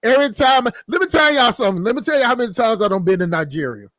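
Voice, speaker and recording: A man with a high voice hosts a loose, crude chat on a stream, laughing often as he jokes. His voice is recorded dry and close, with no room sound. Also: animated, very fast, a bit bright, no echo. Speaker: stream host. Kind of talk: casual chat.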